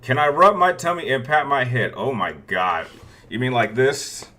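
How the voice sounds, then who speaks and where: A man's voice: medium pitch, normal speed, sharp tone. A man in his thirties hosting a casual Q&A, rambling through viewer questions with frequent restarts. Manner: rambling, many restarts, chuckles between answers. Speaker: YouTube Q&A host.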